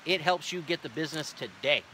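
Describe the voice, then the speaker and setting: A man's voice: a little high, expressive, a little fast, sharp tone, a little hiss or hum. Emphatic man coaching a sales team. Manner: emphatic, repetitive coaching delivery. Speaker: sales trainer. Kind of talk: sales training talk with role-played pitch lines.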